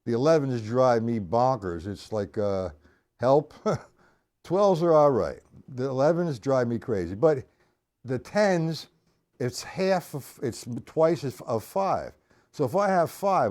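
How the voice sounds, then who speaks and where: A man's voice: mid-range voice, lively intonation, takes it slowly, background noise. A man teaching drums on a live stream, explaining patterns casually and counting beats aloud. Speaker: drum teacher. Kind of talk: live-streamed drum lesson.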